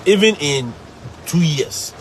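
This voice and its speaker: Animated Ghanaian man telling stories. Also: on the high side, slow pace, a little hiss or hum. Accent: Ghanaian English. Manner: animated, emphatic, repeats phrases for effect. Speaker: teacher. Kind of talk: casual storytelling to live viewers.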